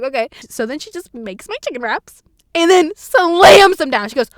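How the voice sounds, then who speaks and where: A young woman hosting a podcast, telling stories in casual chat, animated, swearing often and breaking into loud exclamations. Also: high voice, moderate pace, no echo, studio quality. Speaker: podcast host.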